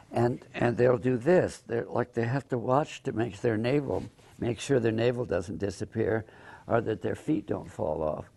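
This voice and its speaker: An older man, a movement teacher, reflecting in an interview, halting with many repeated words and fillers. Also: mid-range voice, vocal fry, mellow.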